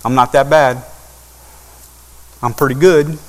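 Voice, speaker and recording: A man's voice: mid-range voice, steady tone, slow. A man preaching a sermon, rising repeatedly to impassioned peaks. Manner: building to impassioned crescendos. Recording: long hall reverb.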